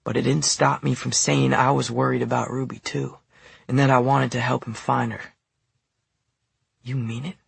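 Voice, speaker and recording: A man with a deeply gravelly, husky voice reads a first-person audiobook story in a quiet, even, low-key way. His pitch stays flat and level, and the dry, close studio recording leaves no room sound. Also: moderate pace, dry recording. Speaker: audiobook narrator.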